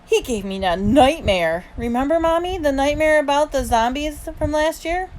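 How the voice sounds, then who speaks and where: A woman reading an audiobook and voicing a whiny, excitable little boy in second grade. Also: high voice, moderate pace, voice pushed up. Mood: excited. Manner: loud, whining, excitable.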